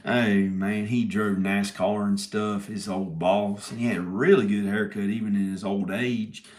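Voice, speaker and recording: A man's voice: on the low side, steady tone, unhurried, darkish tone, a little hiss or hum. A man telling a rambling comic story, stopping and restarting his words and giggling often. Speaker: video maker telling a story. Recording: echoey room.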